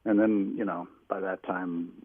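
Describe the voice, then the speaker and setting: A man phones in from a small home office and tells long anecdotes, circling back and restarting as he goes. His voice sits low with a husky edge. The line is tinny and dry, like a phone call. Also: steady tone, unhurried, no echo. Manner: rambling storyteller with restarts. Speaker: guest telling stories, former team staffer. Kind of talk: phone-in radio interview, anecdotes.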